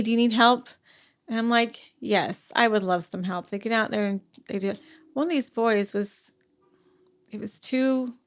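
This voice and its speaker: Middle-aged woman, podcast guest, halting conversational speech, lots of fillers, medium pitch. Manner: halting, filler-heavy storytelling. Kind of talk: conversational interview.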